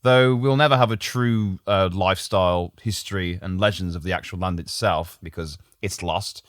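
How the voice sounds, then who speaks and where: A man's voice: sits low, moderate pace, no echo, clean studio sound. A man hosting a casual comedy podcast, joking and laughing often as he tells the story. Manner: jokey, laughs often, lively delivery. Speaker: podcast host and writer.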